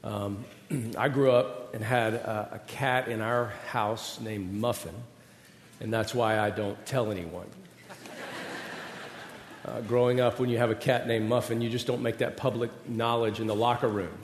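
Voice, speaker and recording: A man's voice: lowish voice, steady tone, a little slow, slight background noise. A middle-aged man preaching, telling self-deprecating personal stories in a conversational way. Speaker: pastor. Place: large hall with an audience. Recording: roomy hall with long reverb.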